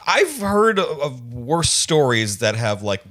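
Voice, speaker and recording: Man guest explaining calmly. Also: mid-range voice, slow pace. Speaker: podcast guest. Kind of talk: casual chat.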